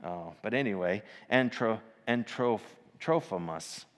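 A man preaching an informal sermon, talking in a halting way with many fillers and restarts and reading scripture aloud. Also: mid-range voice. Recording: long hall reverb.

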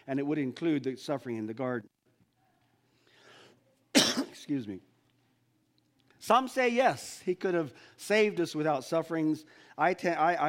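A man preaching a sermon as pastor, earnest and searching, often restarting his sentences. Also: a little high.

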